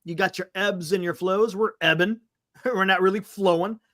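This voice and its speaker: A man co-hosting a casual sports talk show, animated and exclamatory, urging listeners to stay calm. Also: high voice, normal speed, no echo, clean studio sound. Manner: animated, exclamatory, calming others down.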